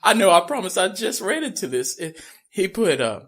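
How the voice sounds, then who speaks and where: Animated laughing male podcast co-host. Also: high voice, moderate pace. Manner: animated, laughs often, does goofy impressions. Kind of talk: casual podcast chat.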